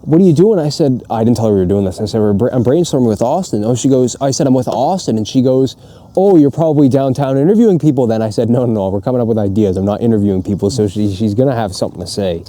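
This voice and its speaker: A man co-hosting a podcast, joking with his friend and telling a story in a casual, animated way. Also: lowish voice, fast, few pauses. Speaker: podcast co-host. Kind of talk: casual banter between friends.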